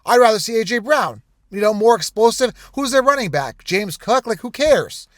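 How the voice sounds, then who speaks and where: A man hosting a sports channel, talking straight to camera in an animated, conspiratorial rant full of repeated asides. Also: high-pitched, moderate pace, dry recording. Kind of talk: casual direct-to-camera rant.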